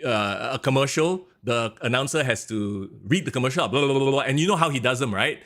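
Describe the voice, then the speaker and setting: A man's voice: medium pitch, lively intonation, fairly quick, a bit bright. A man, co-hosting a casual wrestling podcast, ranting animatedly and mimicking announcers. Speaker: podcast co-host.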